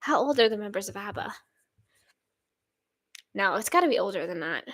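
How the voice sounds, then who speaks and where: A Swedish woman in her twenties hosts her channel, chatting casually and reading viewer comments aloud in an upbeat, rambling manner full of laughs. Her medium-pitched voice is expressive and fairly bright, moving at a moderate pace with no room sound.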